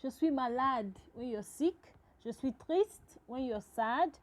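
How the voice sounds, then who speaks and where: A woman's voice: high voice, lively intonation, measured pace, low-quality recording. A woman teaching a French lesson to absent students, talking patiently, repeating each phrase and checking in with "okay?".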